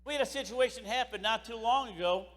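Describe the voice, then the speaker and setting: Impassioned high-voiced man in a hall. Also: quick pace, a bit bright. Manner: impassioned, emphatic, repeats phrases. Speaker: keynote speaker at a sales convention. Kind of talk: motivational speech. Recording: echoey hall reverb.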